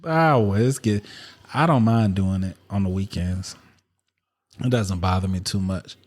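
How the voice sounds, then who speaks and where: A man's voice: deep voice, normal speed. A man hosting a podcast in loose, slangy casual chat, candid and repetitive. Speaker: podcast host.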